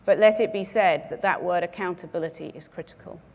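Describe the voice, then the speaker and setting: A woman speaker giving a measured business presentation to a conference audience, stressing her key words. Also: fairly low pitch, a little mellow, big-room sound. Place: conference venue.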